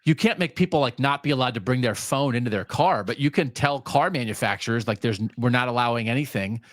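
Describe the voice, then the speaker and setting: A man co-hosting a sports talk podcast, chatting casually and telling rambling, animated stories. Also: mid-range voice, quick pace, no echo, clean studio sound. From US Mid-Atlantic region. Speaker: podcast co-host. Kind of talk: casual chat.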